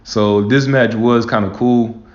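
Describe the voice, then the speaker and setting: A man's voice: medium pitch, steady tone, a little slow. A man hosting his own casual commentary as a wrestling fan, talking loosely and rambling with lots of "man" and "like". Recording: roomy, dull lo-fi sound.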